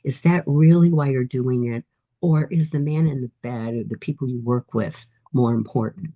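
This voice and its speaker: A woman in her eighties, an author appearing as a guest, tells life stories in a casual interview, sounding reflective and encouraging. Her voice is bass-deep at a normal speed, and the recording has its highs cut off.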